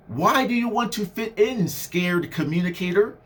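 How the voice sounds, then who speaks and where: Lively man with a high, bouncing voice. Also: moderate pace. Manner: animated, swings voice up and down for effect; conversational with many fillers. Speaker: motivational speaker. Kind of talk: casual motivational monologue.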